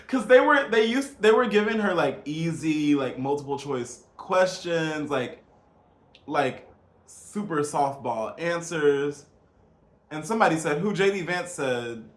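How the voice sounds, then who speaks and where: A man with a slightly high voice rants to his viewers in a casual vlog, incredulous and emphatic. He talks straight to the audience. The room around him is echoey. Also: lively intonation, a little slow. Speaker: vlogger. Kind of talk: casual political rant to camera.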